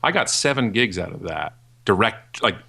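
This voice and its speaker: Man, forties, podcast guest, ranting, jokey, forceful tone. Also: lively intonation, normal speed, vocal fry, slightly rough. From Canada. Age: 40s. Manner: ranting, jokey, acts out voices in high pitch. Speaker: guest, keynote speaker. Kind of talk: animated podcast interview.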